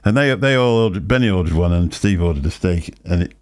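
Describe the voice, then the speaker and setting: This is an older man with a fairly low voice. He hosts a relaxed livestream chat and rambles through anecdotes. He laughs often between lines. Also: fast talker. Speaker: show host.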